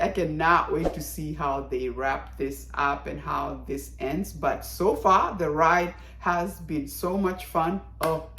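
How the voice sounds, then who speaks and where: Animated woman reviewing a drama, echoey room. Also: deep voice, background noise. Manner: animated, exclamatory, acts out characters' lines. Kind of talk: casual review vlog.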